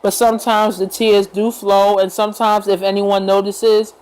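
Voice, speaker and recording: Earnest woman vlogging in a gentle voice. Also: medium pitch, flat delivery, clean tone, low-quality recording. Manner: unhurried, with fillers and pauses. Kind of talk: casual talk to camera.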